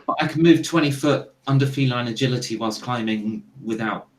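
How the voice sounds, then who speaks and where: A man's voice: medium pitch, a little fast. A man playing a tabletop role-playing game, thinking aloud and hesitating as he declares actions. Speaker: player. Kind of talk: casual tabletop play. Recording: distant from mic, faint noise.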